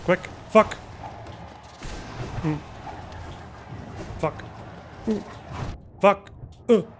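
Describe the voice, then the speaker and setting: A man's voice: high-pitched, extremely slow, pauses often. A young man streaming a game live, reacting with constant swearing and panicky running remarks. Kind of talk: live gameplay commentary.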